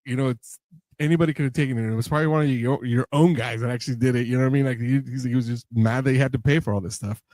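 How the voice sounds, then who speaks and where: A man's voice: medium pitch, steady tone, very fast, darkish tone, no room sound. Man, podcast host, casual storytelling, filler-heavy, dry close sound. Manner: rambling, many fillers, laughs and acts out quotes.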